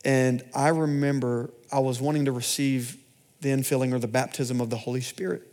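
A man preaches in a church, telling his own story. His delivery swings from loud, driving phrases to hushed, almost whispered asides. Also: medium pitch, fairly even intonation, fairly quick. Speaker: pastor. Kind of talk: sermon testimony.

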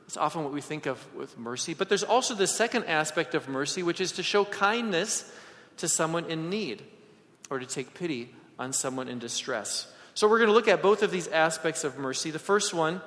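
A man preaching a sermon and telling personal stories, swinging from loud emphasis to hushed asides. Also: on the high side, lively intonation, brisk. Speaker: pastor. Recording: long hall reverb.

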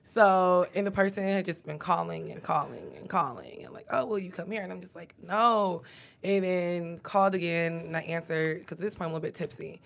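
Young woman podcast co-host, lower voice, relaxed storyteller, casual slang. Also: brisk, creaky. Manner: laid-back storytelling with slang and fillers. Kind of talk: casual chat.

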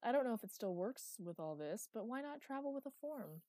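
Eager nervous young goddess, talks fast and hopeful, warm mellow tone, woman reading. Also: a little high, animated, no room sound, voice pushed up, natural voice.

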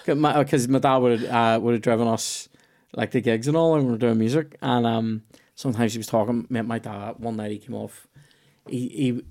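A man with a mid-pitched voice chatting loosely on a podcast. He rambles, trips over his restarts and swears freely as he works his way through a story. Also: steady tone, moderate pace, a little mellow. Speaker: podcast host and comedian. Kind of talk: casual chat.

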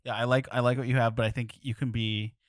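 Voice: medium pitch, little pitch movement, fast talker, no room sound, studio quality. A comedy news co-host joking crudely and mocking themself in casual banter.

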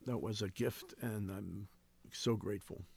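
A ministry founder in his sixties, guest on an interview, tells stories about his work with the homeless at a measured pace. His fairly low voice is creaky and a little mellow, and his manner is earnest and reflective, with many restarts.

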